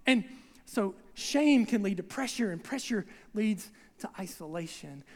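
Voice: mid-range voice, long reverb tail. A preacher giving a conversational sermon who acts out scenes and keeps checking in with the congregation, recorded in a church sanctuary.

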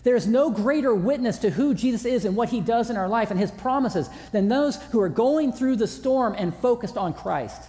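A man's voice: very high-pitched, animated, moderate pace, few pauses, mellow. A man preaching a sermon as pastor in a large church auditorium, conversational with self-deprecating humor. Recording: long hall reverb.

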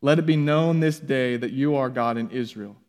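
A man preaching a sermon, reading scripture aloud with relaxed conversational asides. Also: medium pitch, moderate pace. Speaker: pastor.

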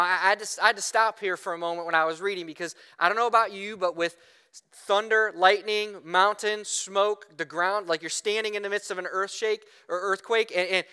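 A male pastor with a high, bright voice delivers a sermon in a church. His tone is clear and smooth, and his delivery is conversational, animated storytelling that keeps asking his listeners "right?".

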